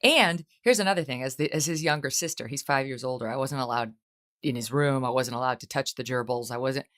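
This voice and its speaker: A middle-aged woman hosting a talk show, chatting casually and telling lively stories in which she acts out quoted voices. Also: a bass voice, a little fast. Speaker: host. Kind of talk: casual chat.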